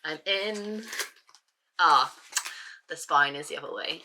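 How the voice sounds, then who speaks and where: A woman vlogging casually to a handheld camera, talking in a gushing, excitable, chatty way. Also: low voice, takes it slowly, long pauses, a little hiss or hum. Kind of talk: casual vlog chat to camera.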